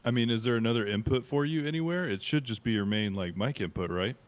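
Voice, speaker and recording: A man's voice: mid-range voice, quick pace. A man co-hosting a live podcast stream, laid-back and dry as he helps sort out audio problems. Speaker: podcast co-host. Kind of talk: casual live-stream chat.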